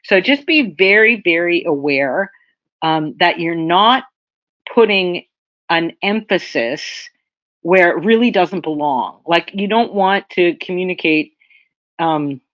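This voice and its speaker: A woman's voice: lowish voice, animated, takes it slowly, a bit bright, no room sound. A woman lecturer giving an academic seminar talk in a conversational way, often checking in with her listeners. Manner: conversational, checks in with "okay?" and "right?". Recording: dry, dull lo-fi lecture audio.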